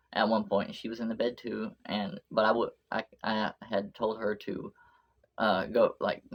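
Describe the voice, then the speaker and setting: A woman's voice: rumbling low, husky, highs cut off. A woman vlogger telling a story in a chatty, rambling video diary.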